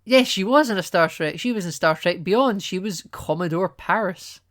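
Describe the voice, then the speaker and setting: A man's voice: high voice, expressive, moderate pace, fairly bright tone. A man co-hosting a casual movie-review podcast, chatty and laughing often, acting out characters' lines as he talks. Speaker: podcast co-host.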